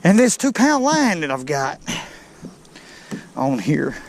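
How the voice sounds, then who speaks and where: Gravelly angler, slow drawl, excitable, chatting to viewers from a boat. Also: male voice, a little high, a little hiss or hum. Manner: excitable, talks straight to viewers. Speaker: fishing vlogger. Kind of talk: casual narration while fishing. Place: outdoors on a boat on a river.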